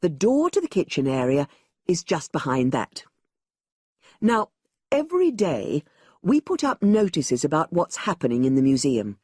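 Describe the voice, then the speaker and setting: Woman w a low husky voice, museum staffer explaining stuff to new volunteers, scripted test audio, very dry sound. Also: sing-song, normal speed, mellow, no echo. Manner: clear, explanatory, giving directions. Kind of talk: scripted exam listening recording.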